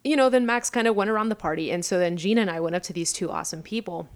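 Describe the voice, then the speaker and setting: A woman's voice: medium pitch, rapid-fire. Rambling young woman telling a story. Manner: rambling storyteller, heavy on fillers like "you know". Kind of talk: casual fan chat.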